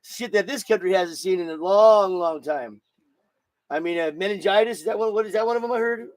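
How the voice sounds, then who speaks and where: A man's voice: high-pitched, brisk, no echo. A man hosting his own show, delivering a blunt, profane solo political rant and repeating words as he gets heated. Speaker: show host.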